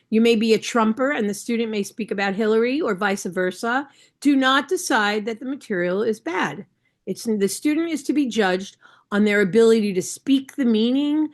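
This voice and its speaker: A woman coach training new judges over a video call, talking in a conversational, instructive way and often checking in with the listeners. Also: on the high side. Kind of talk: online training session.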